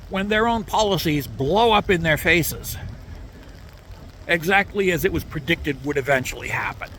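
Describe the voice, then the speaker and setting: A political commentator from Canada addresses the camera alone in a pushed, bright, expressive voice on the high side, at a moderate pace. His opinion monologue is a sarcastic rant that ridicules opponents, and a little hiss or hum can be heard.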